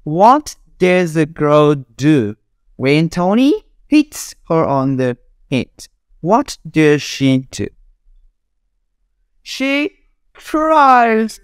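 A woman's voice: low voice, very animated, extremely slow, pauses often, clear, resonant tone, no echo, clean studio sound. A young woman teacher drilling English words for children, repeating each one and laughing between examples. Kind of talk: classroom drilling lesson.

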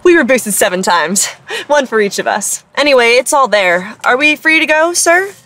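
A woman's voice: fairly high pitch, animated, normal speed, pushed and bright. A woman playing a sarcastic, indignant driver pulled over by police in a comedy sketch.

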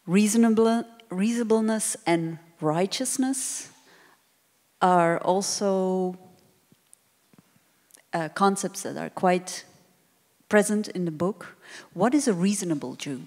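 Slow-spoken woman interviewer. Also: medium pitch, dark tone. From Belgium. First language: Dutch. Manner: unhurried, searching for words. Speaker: interviewer, journalist. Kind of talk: stage interview. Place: theater hall on stage. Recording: long reverb of a theater hall.

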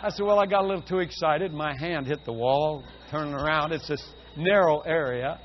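An older man preaching a sermon, telling a personal story and building to loud, fervent exclamations. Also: a little high, fairly quick. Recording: dull lo-fi audio with faint hum.

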